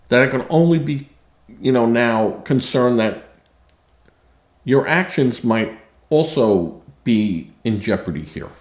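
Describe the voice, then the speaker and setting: A man with a lowish voice delivers an unhurried opinion monologue, indignant and sarcastic, stumbling over fillers and restarts. He speaks slowly, and the recording carries a roomy echo. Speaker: political commentary host.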